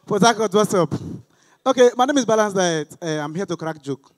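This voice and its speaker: Soft-spoken Nigerian comedian, slightly high. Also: male voice, animated, brisk. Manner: low-key, begging the crowd in pidgin. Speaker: stand-up comedian. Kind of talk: stand-up comedy set. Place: stage before a live crowd.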